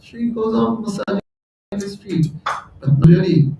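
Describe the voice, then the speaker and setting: A man's voice: high voice, unhurried, gravelly, mellow, a little hiss or hum. A man giving a storytelling sermon at a temple hall, chatty and laughing at his own jokes. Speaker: temple speaker. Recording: echoey hall, voice from far off.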